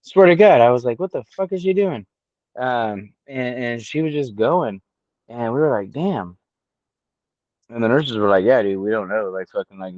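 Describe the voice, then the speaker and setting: A man's voice: lowish voice, no echo, muffled recording. A man in his late thirties, co-hosting a podcast, telling a personal story in a casual, profane way and acting out what others said. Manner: profane, storytelling, animated quoting. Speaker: podcast co-host.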